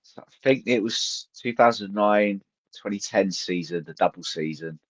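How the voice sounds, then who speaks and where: A man in his forties on a football podcast, hesitant and thinking out loud as he answers quiz questions. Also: fairly low pitch, moderate pace, dry recording, low-quality recording. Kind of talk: casual football podcast chat.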